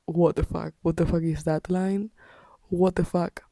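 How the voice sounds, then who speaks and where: A woman's voice: lowish voice, steady tone, a little slow, warm tone, no room sound. A tired young woman talking in a casual, exasperated reading vlog, often dropping into a whisper late at night. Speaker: book vlogger.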